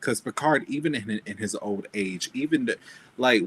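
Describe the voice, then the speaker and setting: A man co-hosting a podcast in casual chat, blunt and animated, laughing at his own jokes. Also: lowish voice, moderate pace, slight background noise. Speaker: podcast co-host.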